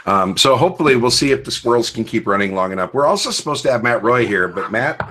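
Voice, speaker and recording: A man hosting a casual podcast with friends, joking and teasing his guests in a playful, animated way. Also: mid-range voice, quick pace. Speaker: podcast host. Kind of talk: casual group chat.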